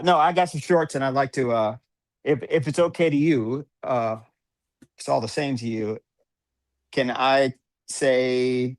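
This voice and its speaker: A man's voice: mid-range voice, no room sound. A man chatting casually as a guest on a live stream, rambling and joking with frequent laughter. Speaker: streamer guest with own show.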